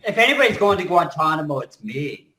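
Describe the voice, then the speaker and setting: A man's voice: fairly high pitch, sing-song, quick pace, sharp tone, a little hiss or hum. A man on a web talk show who rants angrily and swears constantly, talking over the others. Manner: profane, angry, rants. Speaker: regular guest. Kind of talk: heated casual chat. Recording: echoey room.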